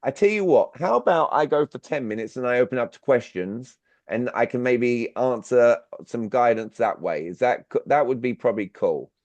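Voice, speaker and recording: A man's voice: mid-range voice, animated, normal speed, no room sound. A man leading an online sales workshop, talking directly and drilling his listeners with questions. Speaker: workshop speaker. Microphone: video call. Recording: dull, dry video-call audio.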